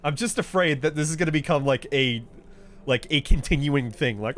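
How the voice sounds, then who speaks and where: A man's voice: mid-range voice, fairly even intonation, normal speed, fairly bright tone. A man streaming a game, chatting casually with his viewers, swearing and joking as he builds a character. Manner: laid-back banter with chat, swearing and laughing. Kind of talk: casual live-stream chat while playing. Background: faint game music.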